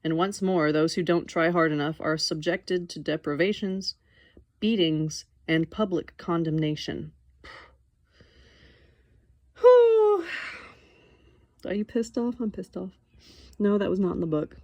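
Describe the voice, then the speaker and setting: A young adult woman reading a nonfiction book aloud in an expressive, wry way, breaking off now and then to comment on it. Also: fairly low pitch, a little slow, pauses often, dry recording. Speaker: audiobook reader.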